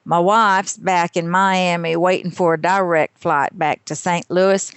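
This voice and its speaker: Woman doing an easygoing older Southern gentleman. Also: sits high, steady tone, measured pace, clean tone, no room sound. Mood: wry. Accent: Southern US drawl. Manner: easygoing, wry drawl.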